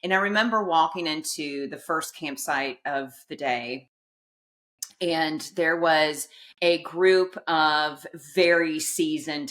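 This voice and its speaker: Woman, middle-aged, podcast guest, low voice, bright tone, animated storytelling. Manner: animated, acts out quotes, laughs at herself. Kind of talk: personal storytelling in an interview.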